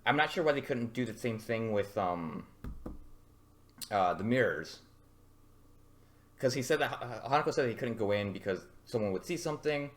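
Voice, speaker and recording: A man's voice: mid-range voice, lively intonation, moderate pace, long pauses. A man co-hosting a casual anime podcast, blunt and profane, often breaking into laughter. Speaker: podcast co-host. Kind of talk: casual chat about anime.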